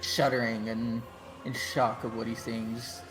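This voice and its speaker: A man's voice: mid-range voice, flat delivery, a little slow. A man playing in a tabletop game who talks in a hesitant, stammering way. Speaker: player. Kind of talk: casual tabletop game play. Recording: roomy, with background music.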